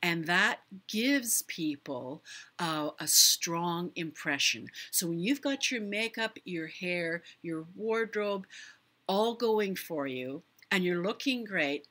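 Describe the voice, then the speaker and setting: A middle-aged woman hosting a live stream, giving voice tips in a measured way with many pauses and fillers. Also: on the low side, lively intonation, sharp tone. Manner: measured, hesitant with fillers, demonstrates voice techniques. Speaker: host.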